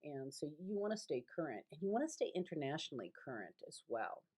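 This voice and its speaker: A woman's voice: low voice, sing-song, fast talker, darkish tone, breathy edge. A middle-aged woman teaching a recorded online lecture from her home, rambling and conversational with many fillers and restarts. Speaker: college instructor.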